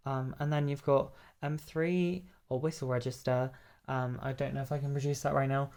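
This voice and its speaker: A woman coaching voice in a relaxed lesson, explaining as she goes and checking in with "right?", her voice a little hoarse after a long workshop, recorded lying down. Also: very deep voice, normal speed. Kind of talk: casual voice lesson.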